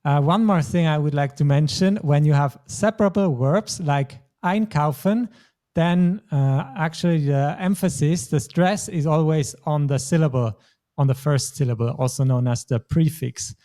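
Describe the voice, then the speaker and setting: A man's voice: a little high, warm tone. A man teaching a German lesson, explaining grammar patiently step by step. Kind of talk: language lesson.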